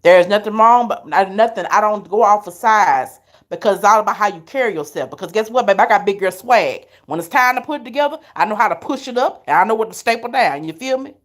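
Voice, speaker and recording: A middle-aged woman, hosting a live stream and telling her viewers stories in an animated, chatty way, laughing often. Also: medium pitch, quick pace. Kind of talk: casual storytelling to viewers.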